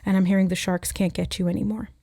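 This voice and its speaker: A woman's voice: mid-range voice, level tone, quick pace, creaky, dark tone, no echo, studio quality. A woman giving an intuitive tarot reading, musing aloud and relaying messages as she receives them. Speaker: tarot reader. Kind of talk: intuitive card reading to camera.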